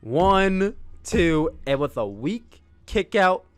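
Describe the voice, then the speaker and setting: A man giving a casual, rambling solo review of a wrestling match, enthusiastic and prone to excited outbursts. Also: high-pitched, takes it slowly, no room sound.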